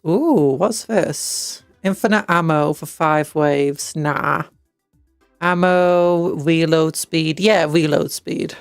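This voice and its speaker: A British woman streamer talks through a game at an unhurried pace. She reads the upgrades aloud and drops jokey asides. Her voice has a gravelly fry, and it sits dry and close on the mic over faint music. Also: low-pitched, dry recording. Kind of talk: casual gameplay chat.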